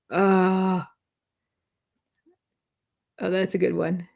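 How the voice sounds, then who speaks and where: Chatty older woman, low voice. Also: moderate pace, highs cut off. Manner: chatty, sarcastic, laughs often. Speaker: reality TV review host. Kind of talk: live-stream chat with viewers.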